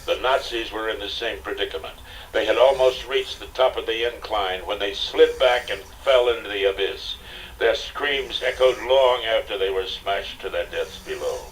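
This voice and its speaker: An older man narrating an audiobook in a steady, dramatic storytelling manner, on a distant, hissy cassette recording. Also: on the low side, moderate pace. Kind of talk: scripted narration.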